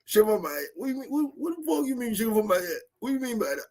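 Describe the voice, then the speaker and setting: A man voicing an indignant, shocked man with a high, outraged, disbelieving voice. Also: big pitch swings, very fast, a little mellow, exaggerated voice.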